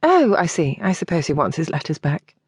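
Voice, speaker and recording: A woman voicing a prim, scholarly young woman who speaks crisply and a little warily. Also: sits low, big pitch swings, a little fast, dry recording, heavily acted. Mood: cool. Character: prim bookish young woman, plain and guarded.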